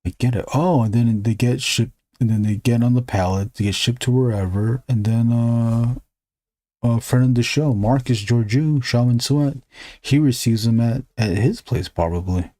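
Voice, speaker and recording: A man's voice: medium pitch, moderate pace, mellow, no room sound. A man hosting a drawing live stream, chatting casually in a rambling, joking way and swearing freely. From United States. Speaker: artist and live stream host.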